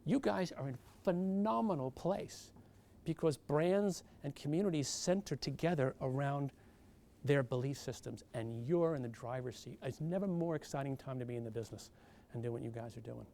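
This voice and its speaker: An older man giving an animated business talk to a live audience, telling stories and acting out the people in them. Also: normal speed, vocal fry. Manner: storytelling, acts out quoted people, big pitch swings. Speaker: keynote speaker. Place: event venue with audience.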